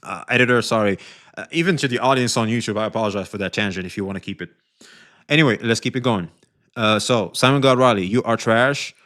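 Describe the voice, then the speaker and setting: A man streaming casual commentary on online drama, rambling and swearing with many fillers, his voice often trailing off quieter. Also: fairly low pitch, fast talker.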